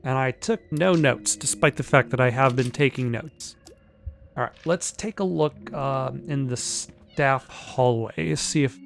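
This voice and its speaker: A man's voice: mid-range voice, unhurried, vocal fry, fairly bright tone, faint music behind. A man giving casual gameplay commentary, wry and self-mocking. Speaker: let's play host.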